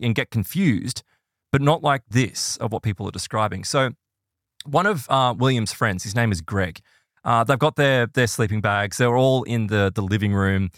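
A man, casually telling a ghost story on a podcast, animated and quick to act out quoted people. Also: no echo, studio quality. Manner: animated, voices quoted people in higher pitch.

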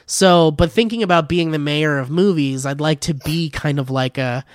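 A man's voice: on the high side, normal speed, dry recording, clean studio sound. A man co-hosting a podcast in casual chat, rambling and swearing between laughs. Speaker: podcast co-host.

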